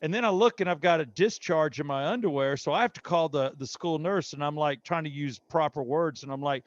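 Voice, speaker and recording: A middle-aged man, a guest comedian, telling bawdy stories in a brash, animated way. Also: a little high, brisk, few pauses, no room sound, lo-fi sound. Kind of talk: casual storytelling.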